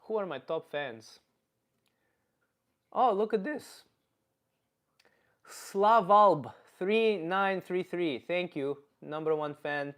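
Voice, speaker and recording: A man's voice: high voice, takes it slowly, long pauses. A man playing a blunt, crude older Slavic uncle with a put-on Russian accent, chatting through a live comedy stream. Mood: chatty. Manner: blunt, deadpan, reading chat aloud.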